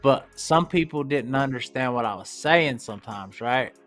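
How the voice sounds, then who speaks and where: A man with an Appalachian accent, hosting a livestream in casual, profane chat and talking in a slow drawl. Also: medium pitch, expressive, fairly bright tone, soft background music. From Appalachian United States. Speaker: livestream host.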